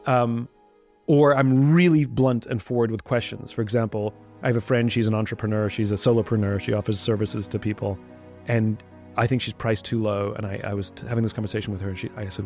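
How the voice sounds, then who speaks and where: A man talking candidly as a podcast guest, reflective and blunt, turning lively when he quotes other people. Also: medium pitch, fairly quick, soft background music. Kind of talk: candid conversational talk.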